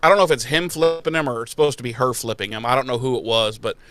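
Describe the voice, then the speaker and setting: A man hosting a podcast, casually retelling an episode with animated mocking voices for the characters and plenty of swearing. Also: mid-range voice, very fast, no room sound. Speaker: podcast host.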